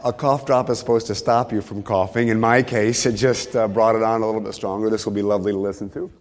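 A preacher with a cold and a slight cough, opening his sermon in a relaxed, joking, self-deprecating way. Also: on the low side, quick pace. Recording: long hall reverb.

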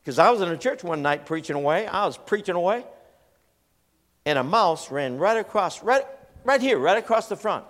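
A man preaching a storytelling sermon in a folksy, animated way, acting out voices as he tells stories. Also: high-pitched, moderate pace. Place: large church hall. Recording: long hall reverb.

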